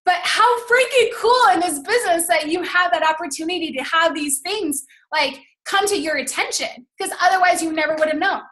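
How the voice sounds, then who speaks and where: A woman's voice: very high voice, normal speed, hardly any pauses, a bit bright, roomy sound. A woman giving an enthusiastic motivational talk on a video call as team coach, speaking casually with many fillers of "like" and calling listeners "you guys".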